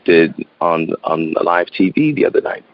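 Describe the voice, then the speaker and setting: A very low-pitched man in his thirties recounts a personal story as an interview guest, speaking outdoors. His delivery is earnest and halting, with repeated words and frequent laughs. The sound is dull and dry, like a lo-fi line. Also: animated, no room sound. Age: 30s.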